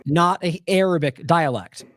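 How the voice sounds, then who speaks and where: A man's voice: on the high side, measured pace, fairly bright tone, no room sound. Sarcastic man hosting a news show. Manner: sarcastic, rambling with frequent restarts. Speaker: independent news show host. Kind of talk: commentary over video clips.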